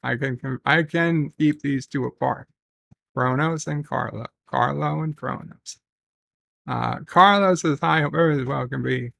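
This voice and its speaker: A man with a gravelly voice hosts a casual livestream, telling rambling stories and reading out viewer messages with plenty of ums. His pitch is mid-range, and the sound is dry and close to the mic. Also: a little slow, sharp tone, dry recording. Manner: rambling, reads chat messages aloud with filler ums. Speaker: livestream host.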